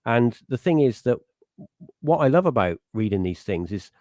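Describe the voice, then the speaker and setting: At a moderate pace, a middle-aged man with a medium-pitched, mellow voice hosts a casual podcast, sounding very animated. The recording is dry and cleanly studio-produced. He rambles, keeps interrupting himself and performs small quotes along the way.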